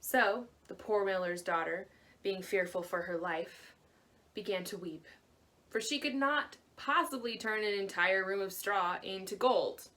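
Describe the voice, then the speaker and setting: A woman librarian telling a fairy tale to children in a gentle, expressive way. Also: mid-range voice, measured pace. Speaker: librarian storyteller. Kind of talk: storytelling to children.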